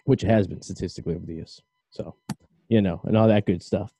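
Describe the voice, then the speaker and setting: A man's voice: low-pitched, steady tone, quick pace, dark tone, a little hiss or hum. A man with a Boston accent hosting a casual podcast chat, joking and rambling. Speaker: podcast host.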